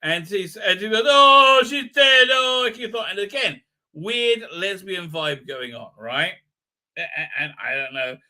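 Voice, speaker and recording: A man riffs sarcastically through a live episode commentary. His voice is very bright and cutting, sitting slightly high, and he keeps restarting with "uh, uh" before acting out lines in mocking voices. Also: a little slow. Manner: sarcastic, mocking, acts out quotes in exaggerated voices; many fillers and restarts. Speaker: host.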